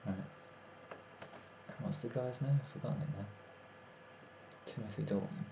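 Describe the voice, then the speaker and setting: With a lowish voice marked by vocal fry, a tired man talks at a moderate pace, rambling casually to viewers on his live stream. Echo, faint noise, and a dull lo-fi sound fill out the recording.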